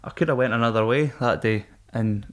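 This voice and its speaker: A Scottish man at a middling pitch who talks candidly about hard times, swearing often and laughing things off. He tells his story in a relaxed, conversational way. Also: brisk. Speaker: podcast guest, former Royal Marine. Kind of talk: casual storytelling.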